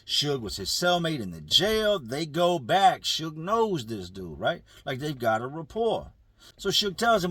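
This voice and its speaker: Husky-voiced man telling a street story. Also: a little high, sing-song, moderate pace, fairly bright tone, no room sound. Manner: conversational, street slang, addresses viewers. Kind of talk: casual storytelling to camera.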